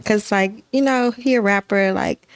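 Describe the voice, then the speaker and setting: A woman's voice: medium pitch, moderate pace, no room sound. A woman talking as an interview guest in casual chat, earnest and heartfelt, with many fillers.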